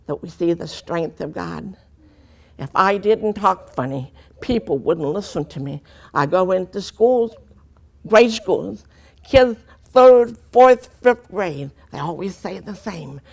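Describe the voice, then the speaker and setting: A woman's voice: lowish voice, vocal fry, a little mellow, husky. A deaf woman giving a personal testimony to an audience, telling her story earnestly with dry humor. Her speech has unusual vowels and articulation that listeners often mistake for a foreign accent.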